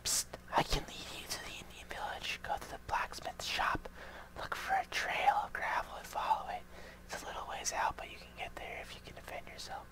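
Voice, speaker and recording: A man voicing a secretive guide in whispered role-play, giving hushed directions. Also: brisk, lightly acted, poor audio. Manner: hushed, conspiratorial.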